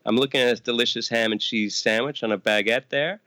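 A man's voice: medium pitch, steady tone, fairly quick, pushed and bright, dry recording. A young man hosting a podcast, telling a story in a playful comic rant full of mock outrage. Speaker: podcast host. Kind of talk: casual chat, comic rant.

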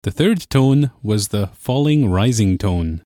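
A young man hosting a language course, explaining in a clear, measured teacher's manner. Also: lowish voice, lively intonation, dark tone, dry recording, studio quality. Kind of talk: scripted lesson narration.

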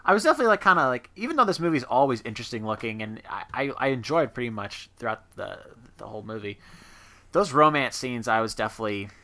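A man co-hosting a casual movie review chat, joking and acting out characters in quick asides. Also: mid-range voice. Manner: animated, jokey, acts out characters in quick asides.

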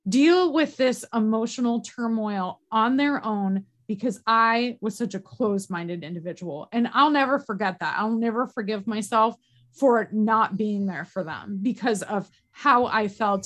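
A woman in a candid podcast conversation, talking earnestly and emotionally, halting with restarts and frequent fillers. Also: a little high, fairly bright tone.

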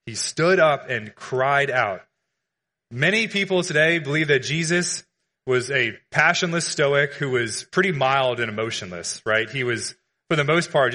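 A man's voice: medium pitch, sharp tone. A man preaching a sermon in a church, earnest and conversational, asking the listeners questions. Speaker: pastor. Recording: long hall reverb.

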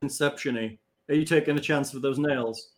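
A man's voice: mid-range voice, steady tone, fairly quick. A man running a tabletop game as game master, joking and swearing as he reads out rules.

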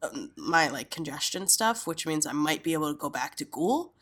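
A woman co-hosting a casual podcast chat, stuffy and under the weather, with giggly, animated exclamations. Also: low-pitched, moderate pace. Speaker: podcast co-host.

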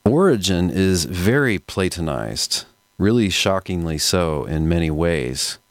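A man hosting a podcast, explaining history in a measured, scholarly, conversational way. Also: deep voice, big pitch swings, dry recording, clean studio sound. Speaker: podcast host. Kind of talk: explanatory lecture-style podcast talk.

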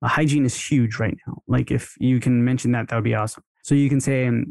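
A man's voice: medium pitch, steady tone, quick pace, creaky, few pauses, a little mellow, no room sound, clean studio sound. A man coaching dental teams on marketing in a casual podcast, acting out sample conversations in a raised voice. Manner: chatty, role-plays dialogue in a raised voice. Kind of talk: casual instructional podcast talk.

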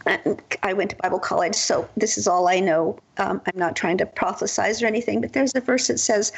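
A woman's voice: medium pitch, steady tone, moderate pace, vocal fry, husky, poor audio. A woman who is a guest in an interview, telling spiritual stories earnestly and with many restarts.

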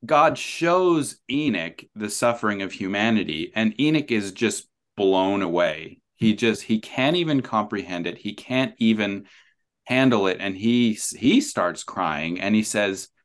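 Low-voiced man, thoughtful and halting. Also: expressive. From New Zealand. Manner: thoughtful, hesitant, many ums and restarts. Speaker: author and guest. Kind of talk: conversational podcast interview.

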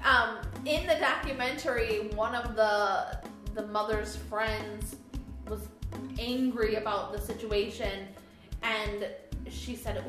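A woman in her forties, a podcast co-host, telling stories eagerly in casual chat, quick when she quotes people. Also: medium pitch, fairly even intonation. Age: 40s. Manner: enthusiastic storytelling, quick quoted asides. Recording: echoey room with music behind.

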